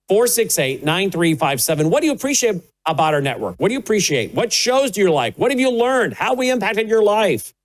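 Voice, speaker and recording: A man's voice: high-pitched, rough recording. A man hosting a talk broadcast, signing off and chatting playfully to his studio dog. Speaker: host. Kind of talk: broadcast talk show sign-off.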